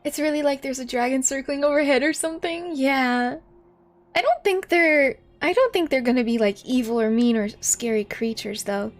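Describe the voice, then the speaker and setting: A woman's voice: sits high, normal speed. A woman live-streaming a video game, giggling often and chatting to her viewers as she plays. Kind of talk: live gameplay commentary.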